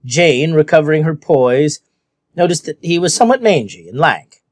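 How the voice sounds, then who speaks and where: A man narrating a children's novel aloud with lively, expressive storytelling. His voice sits a bit high and swings widely in pitch, recorded close and dry. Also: normal speed, no echo. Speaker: audiobook reader. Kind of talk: scripted narration.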